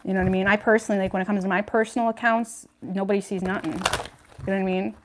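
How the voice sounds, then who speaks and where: A woman's voice: medium pitch, fairly even intonation, rapid-fire, slight background noise. A woman giving a casual livestream tarot reading, chatty and frank, with lots of "like" and "you know what I mean," laughing between points. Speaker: tarot reader.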